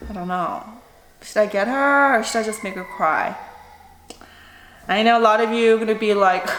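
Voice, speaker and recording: A woman mukbang vlogger and mother chatting casually to camera, rambling with quick asides. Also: mid-range voice, fairly bright tone, roomy sound, a little hiss or hum. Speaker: mother of a young child.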